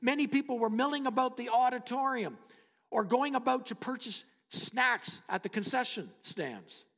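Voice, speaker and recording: A man preaching a sermon as he retells a story, emphatic, with dramatic pauses and sudden hushed drops. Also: high voice. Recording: long hall reverb.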